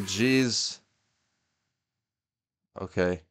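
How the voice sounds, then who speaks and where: Excitable young man with a low voice. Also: a little slow, noisy background. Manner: excitable, yelps and laughs at the game. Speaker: gaming YouTuber. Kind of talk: casual gameplay commentary.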